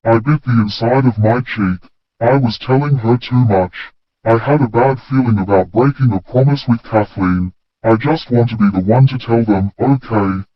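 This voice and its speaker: A man reading a first-person story in a plain, steady way. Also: medium pitch, moderate pace, no room sound. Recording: dull, dry lo-fi recording.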